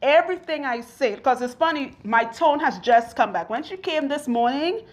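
A lively, loud young woman with a Trinidadian accent, chatting as she works. Her voice sits a little high, and she slips into other people's voices as she tells her stories. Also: moderate pace. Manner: loud, animated storytelling with quoted voices. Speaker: loctician and video host. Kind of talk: casual chat while working.

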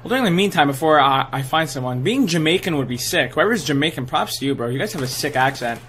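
A young man giving excitable, trash-talking live commentary over his own gameplay, full of gamer slang. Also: on the high side, quick pace, a little hiss or hum. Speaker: gaming channel host.

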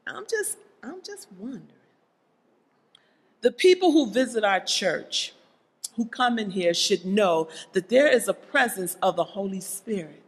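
A preacher in a church sanctuary speaks to the congregation in an animated, unhurried, mid-range voice. The sermon presses listeners with pointed rhetorical questions, and long church reverb fills the recording.

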